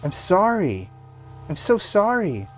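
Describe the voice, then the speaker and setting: A man's voice: lowish voice, slow pace, a little mellow, faint music behind. A man voicing a frightened young girl who pleads tearfully with her mother. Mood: pleading.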